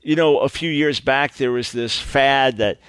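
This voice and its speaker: A man's voice: medium pitch, measured pace, fairly bright tone, clear, resonant tone, no echo. A middle-aged man preaching earnestly, stressing points with repeated emphatic phrases. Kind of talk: sermon-style radio teaching.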